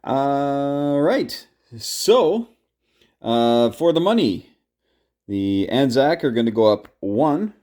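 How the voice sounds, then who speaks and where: A man's voice: mid-range voice, big pitch swings, takes it slowly, darkish tone. A man casually narrating his turn in a board game, counting out his moves aloud as he plays.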